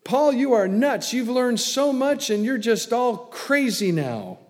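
A man voicing a scornful Roman governor who loudly mocks a prisoner as mad. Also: extremely high pitch, sing-song, slow pace, voice pushed up, heavily acted. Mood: scornful shouting. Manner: loud and mocking. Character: scornful male Roman governor shouting accusations. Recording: long hall reverb.

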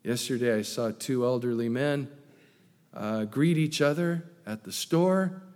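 A man preaching a sermon, asking rhetorical questions and swinging between loud emphatic lines and hushed ones. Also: mid-range voice, a little slow, big-room sound. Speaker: pastor.

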